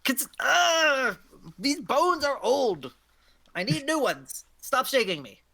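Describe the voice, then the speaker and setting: A grumbling old hag with a sly, wheedling manner and a higher, pinched voice, as a woman puts her on. She sighs and mutters her excuses, then turns them into sly needling. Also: sing-song, slow pace, vocal fry, pushed and bright, heavily acted. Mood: evasive. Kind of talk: tabletop role-play character voice.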